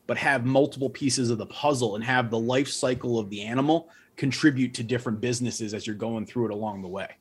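A man's voice: medium pitch, breathy edge. Man explaining his farm business. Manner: thoughtful, explanatory, with restarts. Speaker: guest farmer. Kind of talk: interview answers.

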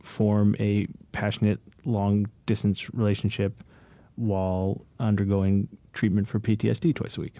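A man hosting an interview podcast, asking relaxed, curious questions in a casual way. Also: lowish voice, a little slow, no echo. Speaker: podcast host.

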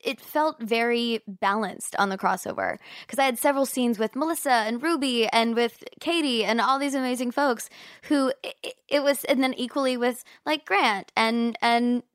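A woman's voice: fairly high pitch, normal speed, no echo, studio quality. Enthusiastic woman, chatty interview guest. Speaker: actress, guest. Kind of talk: casual interview chat.

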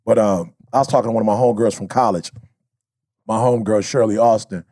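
A man's voice: lowish voice, fairly even intonation, fast talker, warm tone, no room sound, studio quality. A man co-hosting a podcast, talking in a casual, heartfelt way. He is emphatic and slangy and repeats his points. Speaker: podcast co-host.

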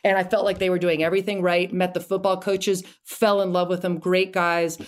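Middle-aged woman guest, chatty and animated, keeps restarting sentences. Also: lowish voice, fairly quick. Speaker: podcast guest. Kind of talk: casual interview storytelling.

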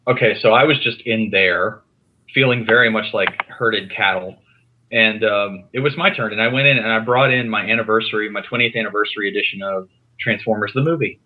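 A man telling an animated, rambling story as a podcast guest, with many restarts. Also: fairly low pitch, fairly quick, phone-quality sound, a little hiss or hum. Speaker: podcast guest, comics writer. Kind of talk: casual storytelling. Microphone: remote call.

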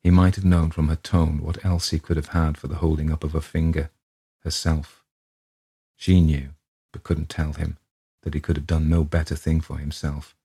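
A man narrating a classic ghost story in a measured, steady reading. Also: a bass voice, husky.

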